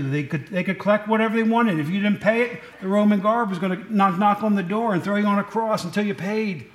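A high-voiced man gives a folksy, wandering sermon in a church at a moderate pace, frequently fixing his words mid-sentence. The audio is reverberant.

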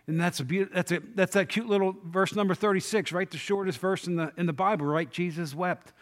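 A man preaching a sermon, retelling scripture in an animated storytelling way and acting out the quoted lines. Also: high voice, a little fast. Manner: self-deprecating humor.

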